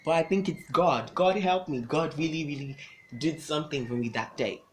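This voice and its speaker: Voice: medium pitch, normal speed, a little hiss or hum. A young adult vlogger telling a personal storytime to camera, with dramatic, emphatic delivery, loose casual phrasing and lots of repetition.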